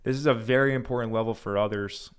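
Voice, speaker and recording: A young man hosting a livestream, speaking casually with lots of fillers and restarts. His voice sits at an ordinary middle pitch. He reads viewer comments aloud between his own thoughts. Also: fairly even intonation, fast talker, clean tone. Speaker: crypto livestream host.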